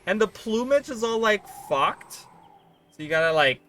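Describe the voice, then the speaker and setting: A man streaming live, chatting casually with his viewers in a rambling, excitable way and swearing freely. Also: high-pitched, a little slow, a little hiss or hum.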